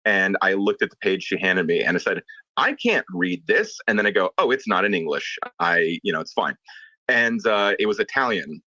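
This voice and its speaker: A man, a tattoo artist, chatting casually and telling an animated story with quoted dialogue. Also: low-pitched, a little fast, no echo, dull audio. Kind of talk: casual chat.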